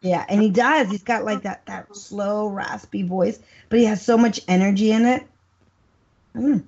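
A woman's voice: mid-range voice, fairly even intonation, normal speed, gravelly, darkish tone, breathy edge. A woman co-hosting a podcast in casual, teasing banter who laughs easily. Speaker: podcast co-host. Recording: dull lo-fi podcast audio.

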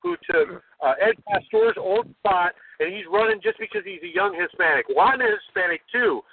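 An older American man, a guest on a call-in talk show, ranting forcefully and ending points with "okay?". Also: sits high, huge pitch swings, moderate pace, vocal fry, a little hiss or hum. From United States. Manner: forceful, preachy, keeps adding "okay?". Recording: tinny phone line.

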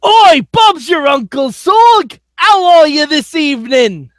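A man's voice: very high voice, sing-song, takes it slowly, dry recording, clean studio sound, pitched above the performer's own voice, heavily acted. A man putting on an exaggerated mock Cockney accent as a boisterous British bloke. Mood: rowdy. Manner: loud exaggerated put-on accent.

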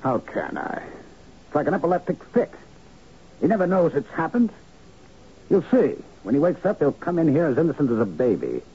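An actor in a 1970s radio drama playing a curt, shrewd manager who explains a cover-up. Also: male voice, on the high side, wildly swooping pitch, normal speed, pauses often, warm tone, slightly rough, exaggerated voice. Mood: explaining. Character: shrewd, weary male manager covering up killings. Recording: dull old radio broadcast with faint hiss.

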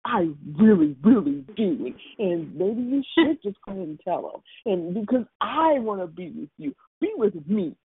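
A woman calling into a talk show in casual chat, animated and acting out quotes as she talks. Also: medium pitch, moderate pace, hardly any pauses. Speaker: caller. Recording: tinny phone line.

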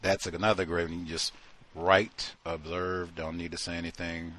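A man with a somewhat low-pitched voice hosts a talk program and comments on stories in a loose, conversational style. He is emphatic and often incredulous. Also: level tone, moderate pace, a bit bright. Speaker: host. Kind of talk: casual commentary on listener stories.

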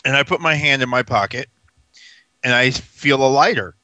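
A man's voice: mid-range voice, moderate pace, pushed and bright, no echo, poor audio. A man co-hosting a podcast, telling a story in a laid-back way with plenty of swearing. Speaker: podcast co-host. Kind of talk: casual chat.

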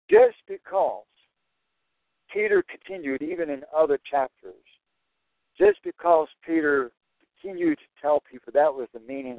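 A man with a medium-pitched voice works through a Bible passage verse by verse, stressing and repeating his key points. The sound is tinny and phone-like, dry with no room sound.

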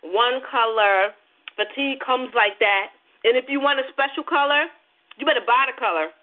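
A woman's voice: fairly high pitch, normal speed. Sassy woman host, phone-like sound. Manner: sassy, animated, addresses listeners directly. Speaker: radio show host. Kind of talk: casual phone-in talk radio.

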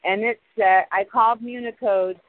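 A woman telling stories in a casual, animated way, retelling her conversations. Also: mid-range voice, normal speed, no room sound. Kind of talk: casual storytelling on a call-in show. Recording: tinny phone line.

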